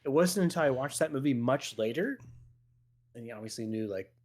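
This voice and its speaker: A man on a casual live podcast tells a funny memory in a dry, profane way. He laughs at his own lines as he goes. His voice sits a little higher than most men's. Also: lively intonation, brisk, a little mellow. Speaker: podcast co-host. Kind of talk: casual chat, telling a story.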